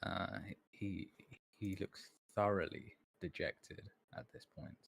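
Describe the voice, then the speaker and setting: A man's voice: deep voice, steady tone, takes it slowly, gravelly, a bit bright, no room sound. A man narrating as game master of a tabletop game, hesitant and full of restarts. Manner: hesitant, many ums and restarts.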